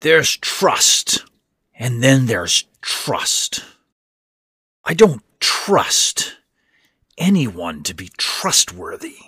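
A bitter old man with a hoarse, rasping voice , done by a male narrator, scornful toward his stepson. Dry, close sound, unhurried pace. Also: mid-range voice, very animated, bright, forceful tone, dry recording, voice pushed up, heavily acted. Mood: insistent. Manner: scornful, insistent. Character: bitter old sick stepfather, wealthy, rasping.

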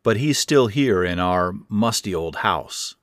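A man narrating a first-person story in a wry, measured way. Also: on the low side, animated, fairly bright tone, dry recording, studio quality.

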